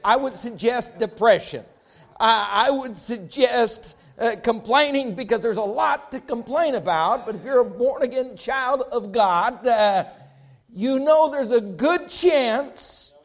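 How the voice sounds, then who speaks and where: Male preacher, high-pitched, emphatic sermon delivery with repetition. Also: unhurried. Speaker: pastor.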